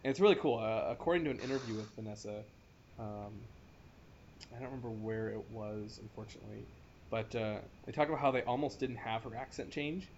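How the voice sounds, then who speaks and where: A man's voice: lowish voice, a little mellow. Eager man, stumbling restarts. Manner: enthusiastic, halting with many restarts. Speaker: podcast co-host. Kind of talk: casual chat. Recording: dull lo-fi sound with faint noise.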